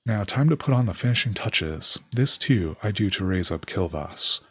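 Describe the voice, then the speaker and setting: A man's voice: fairly low pitch, expressive, normal speed, a bit bright, husky, no room sound, clean studio sound. A man reading out a sly, scheming male raven king from a game's dialogue.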